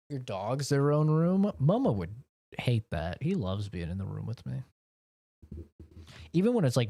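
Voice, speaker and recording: An American game streamer chats casually from his home office, rambling in a profane rant. His mid-range voice has a dark tone, and there's no echo.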